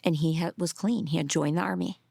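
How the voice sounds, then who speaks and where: A middle-aged woman, a grieving mother, telling her story in a documentary interview, earnest and emotional, sometimes dropping to a soft near-whisper. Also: fairly low pitch, fairly even intonation, brisk, creaky, breathy edge, no room sound, studio quality.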